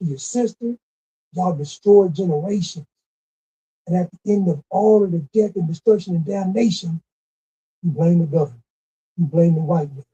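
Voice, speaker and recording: Husky dark-voiced man, scolding rant. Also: sits high. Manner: scolding, repetitive, emphatic. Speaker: commentator. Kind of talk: ranting monologue. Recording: dull lo-fi recording.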